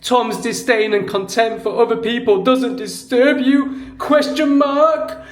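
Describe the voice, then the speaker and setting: A man putting on the voice of a shrill, indignant woman commenter to mock her, squealing and exaggerated. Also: fairly even intonation, takes it slowly, echoey room. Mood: outraged.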